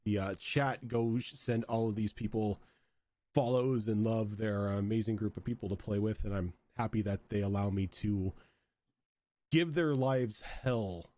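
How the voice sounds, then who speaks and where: A man's voice: fairly low pitch, moderate pace, a little mellow. A man hosting and running a tabletop game, wrapping up a session in casual, rambling chat. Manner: chatty, rambling with fillers. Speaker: game master and host.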